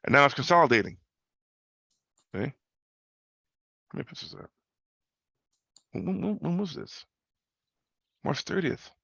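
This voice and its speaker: Man, gravelly voice, casual trading talk, slangy, repeats himself, dry muffled video call sound. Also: medium pitch, fairly bright tone, dry recording. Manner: loose, slangy, repeats himself, many tag questions. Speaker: host.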